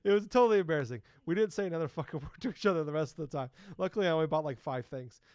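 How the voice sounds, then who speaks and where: A man's voice: on the high side, expressive, racing, darkish tone, smooth, dry recording. A man co-hosting a podcast in casual chat, self-deprecating and swearing freely as he tells stories. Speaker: podcast co-host. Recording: dry, dull lo-fi podcast audio.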